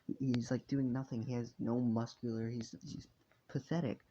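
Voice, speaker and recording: A man voicing a scornful teenage boy who mocks a classmate in a halting, stumbling way, inside a told fan story. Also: medium pitch, little pitch movement, warm tone, dull audio, a little hiss or hum, natural voice. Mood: mocking.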